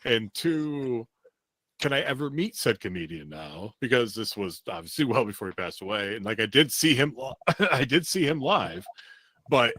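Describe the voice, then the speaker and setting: A man hosting a comedy podcast, telling stories in an animated, self-mocking way and laughing often. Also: medium pitch, moderate pace, no room sound. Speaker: podcast host. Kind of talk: casual comedic chat.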